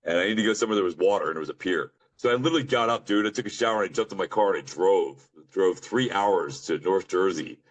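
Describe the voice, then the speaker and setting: A middle-aged man from Pennsylvania, a podcast guest telling a rambling story, with a deep voice and casual slang. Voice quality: deep voice often remarked on. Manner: rambling, fast, says bro and dude.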